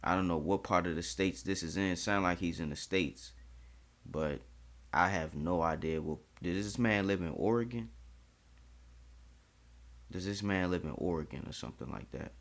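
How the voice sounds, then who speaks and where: A man's voice: low voice, moderate pace, creaky, a bit bright. A man hosting a reaction video, chatting candidly and swearing freely as he comments.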